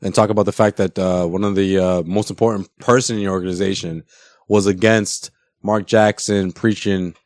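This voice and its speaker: A man's voice: deep voice, steady tone, moderate pace, a little mellow, no echo, clean studio sound. A man co-hosting a sports podcast, telling stories in laid-back slangy casual chat. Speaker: podcast co-host.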